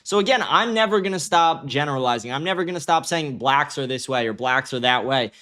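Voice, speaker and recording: A man's voice: medium pitch, expressive, brisk, pushed and bright. A young man hosting a livestream, giving angry, profane commentary and reacting to his chat. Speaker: livestream host.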